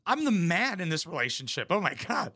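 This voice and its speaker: Bright, crude-talking male commentator. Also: on the high side, very animated, fairly quick, no room sound, clean studio sound. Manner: crude, mocking, blunt. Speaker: reaction commentator. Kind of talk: casual profane commentary.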